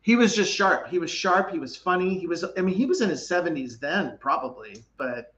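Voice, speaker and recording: A man's voice: fairly high pitch, lively intonation, a bit bright. A man co-hosting a casual chat, telling anecdotes and teasing his co-host. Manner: jokey, quick to tease his co-host.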